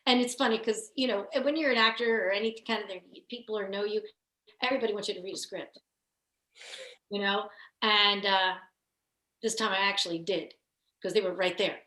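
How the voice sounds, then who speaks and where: A woman's voice: medium pitch, fairly even intonation, fairly quick, long pauses, pushed and bright. A woman guest, an actor, telling stories in a rambling way, full of restarts and "you know.". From Philadelphia area. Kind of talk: casual interview storytelling. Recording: roomy echo.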